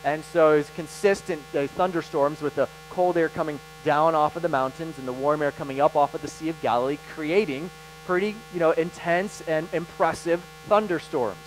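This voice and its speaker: Animated male preacher, faint mains hum. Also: on the high side, poor audio. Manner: animated, emphatic preaching with dramatic pauses. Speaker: pastor. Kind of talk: sermon.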